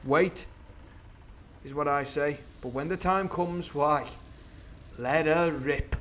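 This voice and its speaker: A ruthless pirate cook, rough and growling, with a burr, done by a man reading a storybook aloud. The voice sits a little higher than most men's, with a faint hiss under it. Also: slow, a bit bright. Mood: menacing.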